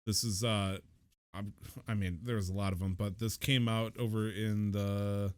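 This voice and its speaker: A man's voice: on the low side, level tone, a little slow, clear, resonant tone, no room sound. Guy co-hosting a podcast, jokey and rambly, swears a lot, dry mic. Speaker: podcast co-host. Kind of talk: casual podcast chat.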